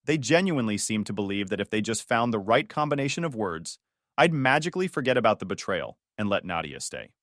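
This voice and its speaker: A man's voice: on the low side, big pitch swings, fairly quick, fairly bright tone, dry recording. Sardonic young man narrating a story. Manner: dry, sardonic. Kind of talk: scripted first-person story narration.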